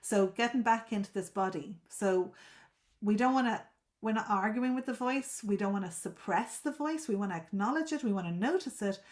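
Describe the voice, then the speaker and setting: A woman's voice: mid-range voice, moderate pace. A woman coaching a group on a live video call, explaining at length. She often repeats and restarts words and checks whether listeners follow.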